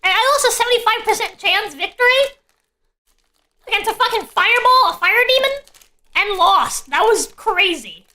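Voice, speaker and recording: A woman streaming herself playing a text game, reacting excitably and swearing freely. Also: very high voice, normal speed.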